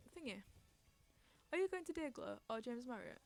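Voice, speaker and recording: A woman's voice: sits high, big pitch swings, moderate pace, long pauses, no room sound. A young woman hosting a casual chat podcast on stream, rambling, giggling and reading out chat messages.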